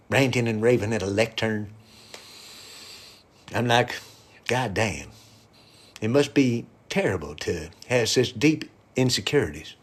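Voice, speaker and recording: A middle-aged man talks off the cuff to his live-stream viewers, loose and irreverent. His pitch sits in the ordinary middle range, and at times he drops into a hushed whisper. He sounds like he is recorded at home on a phone or webcam mic. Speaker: musician and comedian streaming live.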